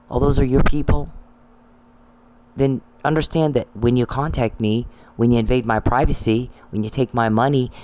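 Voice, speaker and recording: A man's voice: mid-range voice, darkish tone, poor audio. A man delivering an angry, profane monologue that scolds people he addresses. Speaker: commentary channel host.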